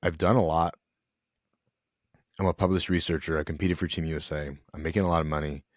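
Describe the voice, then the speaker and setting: A young man, a podcast guest, telling an emotional personal story in an earnest, halting way. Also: very deep voice, steady tone, no room sound, studio quality. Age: young adult.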